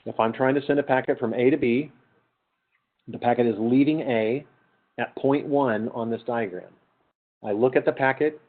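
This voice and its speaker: A man's voice: medium pitch, normal speed, long pauses. A middle-aged man giving a conversational university lecture, quizzing his students with questions and then answering them himself. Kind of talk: classroom lecture. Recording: tinny lo-fi lecture capture.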